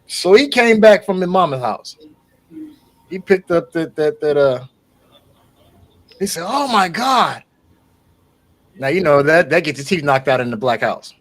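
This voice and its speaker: A podcast co-host chats casually, an animated storyteller who swears freely and acts out the quotes. His voice is on the high side, at a measured pace with long pauses.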